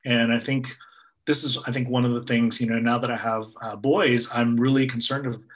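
Man, group facilitator, relaxed conversational talk, thoughtful and hesitant. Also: medium pitch, moderate pace, poor audio. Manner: reflective, many fillers and hedges. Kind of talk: casual conversation.

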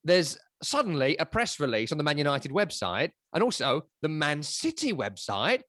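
A man's voice: on the high side, very animated, moderate pace, fairly bright tone, no room sound, studio quality. A man co-hosting a casual football podcast, opinionated and given to sweeping rhetorical riffs. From England. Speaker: podcast co-host.

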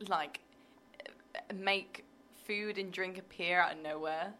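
A woman guest talks in a lowish voice with a sharp, bright edge, rambling and giggly. Her sentences trail through lots of filler words. Faint ambience sits behind her. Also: fairly even intonation, slow, slight background noise. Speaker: guest, powerlifter. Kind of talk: casual chat.

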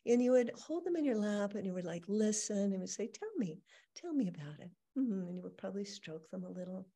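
A middle-aged woman speaks as a healing coach in a gentle, reflective teaching talk. Her voice is mellow and relaxed. She often slips into soft, playful inner dialogue. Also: medium pitch, fast. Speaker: healing coach, podcast host.

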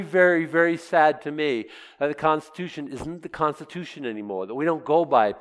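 A man with a slightly high voice preaches in an easygoing, emphatic way, often asking his listeners questions. His voice carries a long reverb, as if it fills a large hall. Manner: conversational and emphatic, with restarts and rhetorical questions. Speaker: pastor. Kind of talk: sermon.

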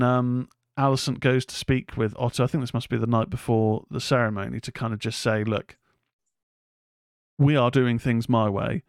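A man's voice: mid-range voice, no echo, clean studio sound. A man co-hosting a podcast, recapping a TV episode in casual, hesitant chat with lots of fillers. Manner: rambling, hesitant with many fillers. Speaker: podcast co-host.

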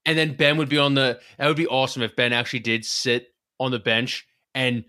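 A man co-hosting a sports betting show in an easygoing, excitable way, with a bright, forceful voice. He is recorded very dry and close, with no room sound. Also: mid-range voice, brisk, no room sound. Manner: loose, swearing, excitable. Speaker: podcast co-host. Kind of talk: casual sports betting chat.

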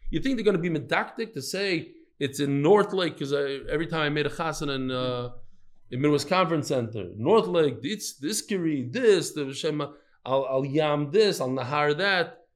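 Male Talmud teacher, slightly high voice, animated storyteller in front of a live class. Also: normal speed. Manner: animated, storytelling, quizzes the listeners.

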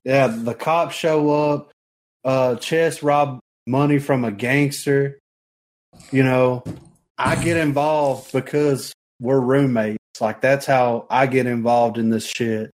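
A man's voice: medium pitch, fairly even intonation, slow pace, darkish tone. A man in casual podcast chat, telling a story in a laid-back, profane way.

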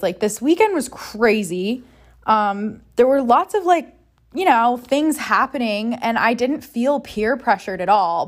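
A woman talking in a candid personal monologue, emotional and frank, swearing freely and rambling with many "like" fillers. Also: mid-range voice.

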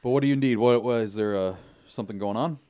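A man voicing a gruff, guarded small-town sheriff in a tabletop game. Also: mid-range voice, quick pace, warm tone, no room sound, studio quality, natural voice. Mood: casual. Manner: guarded, defensive.

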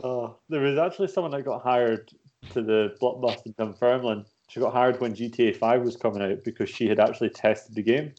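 A man telling animated anecdotes in casual chat and swearing freely. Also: medium pitch, fairly quick, a little hiss or hum. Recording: dull lo-fi sound.

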